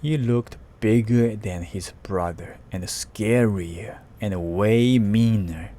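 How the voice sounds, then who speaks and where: A man reads a children's picture book aloud at a very slow, careful pace. His voice is low, and he voices the sound effects as he goes. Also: dark tone. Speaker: storyteller.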